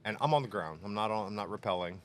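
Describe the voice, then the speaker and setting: A podcast co-host with a lowish, expressive voice talks fast while telling a story in casual conversation. He laughs often and acts out the quotes, recording in a workshop podcast room.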